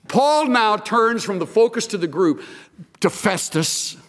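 Brief: male pastor, earnest sermon delivery, slightly high and expressive, long hall reverb. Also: slow pace. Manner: earnest, explanatory.

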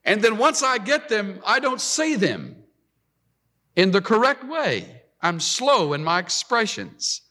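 A preacher acting out a pleading, unsure old shepherd. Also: male voice, high-pitched, big pitch swings, takes it slowly, pushed and bright, long reverb tail, pitched above the performer's own voice, heavily acted. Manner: anxious, stammering pleading. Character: pleading, self-doubting old male shepherd.

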